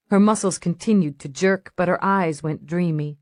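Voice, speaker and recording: A woman reads a crime novel aloud in a steady, measured storytelling manner. Her voice sits on the low side and the close studio recording is dry, with no room sound. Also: no echo. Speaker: audiobook narrator. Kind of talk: scripted narration.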